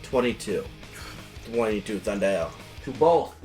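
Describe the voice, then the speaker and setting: A man's voice: fairly low pitch, expressive, a little slow, darkish tone, soft background music. A man playing a tabletop game, chatting casually and cheering his teammates on with hype. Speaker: player.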